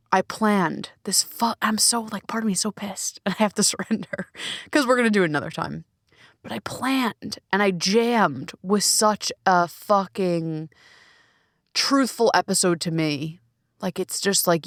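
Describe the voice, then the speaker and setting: A woman's voice: medium pitch, measured pace, no echo, studio quality. A woman hosting her own podcast and coaching, talking alone in a candid, emphatic way with plenty of swearing, recorded in a small closet. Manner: candid, profane, emphatic and expressive. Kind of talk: solo podcast monologue.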